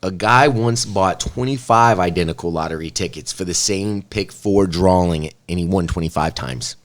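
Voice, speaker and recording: Crude, excitable young podcast man. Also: low voice, moderate pace. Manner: crude, animated, bursts into loud laughter. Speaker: podcast co-host. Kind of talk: casual chat, reading news items.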